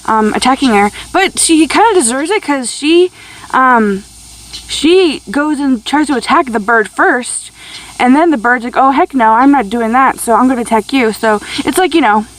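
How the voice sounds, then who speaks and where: A woman's voice: high voice, a bit bright. A young woman vlogging at home outdoors, chatty and rambling with lots of fillers, laughing often and cooing at her children while holding the camera herself. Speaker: vlogger and mother. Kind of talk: casual home vlog. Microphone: handheld camera, filming one-handed.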